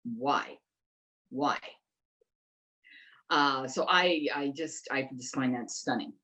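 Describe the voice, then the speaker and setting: A woman's voice: extremely low pitch, slow, pushed and bright, poor audio. A middle-aged woman on a political discussion show who talks in an emphatic way, stumbling over words now and then. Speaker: interviewer, investigative journalist.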